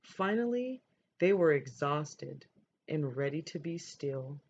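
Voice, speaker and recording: A woman teacher reading a picture book aloud in a measured, gentle way. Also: low voice, fairly even intonation, slightly rough. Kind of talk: storybook read-aloud. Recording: dull lo-fi recording, faint noise.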